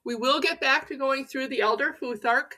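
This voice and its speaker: A woman's voice: high-pitched, normal speed, bright, forceful tone. A woman hosting a folklore channel, telling its stories in a playful, theatrical way with self-mocking asides. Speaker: host of a pagan folklore channel. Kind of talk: playful educational storytelling.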